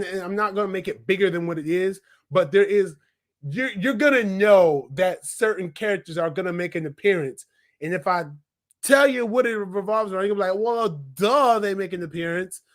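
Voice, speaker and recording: A young man with a high voice talks through a film review in loose, unscripted chat. He rambles from point to point, stacking up "like"s and restarts, and gets audibly excited about what he liked. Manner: excited, rambling, filler-heavy, lots of "like". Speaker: movie reviewer. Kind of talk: casual spoken review.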